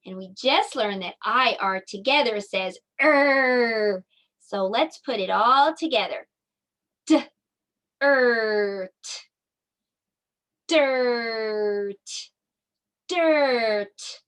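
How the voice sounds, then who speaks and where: A middle-aged woman teaching a circle time lesson to young children in a slow, sing-song, animated voice. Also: a little high. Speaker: preschool teacher.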